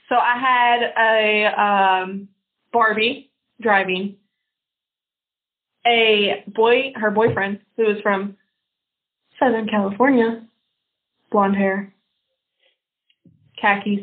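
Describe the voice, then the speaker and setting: A woman's voice: medium pitch, slow pace, pauses often. A young woman, a podcast co-host telling a story in casual chat, acting out what people said. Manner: animated, acts out quoted lines. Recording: tinny phone-like audio.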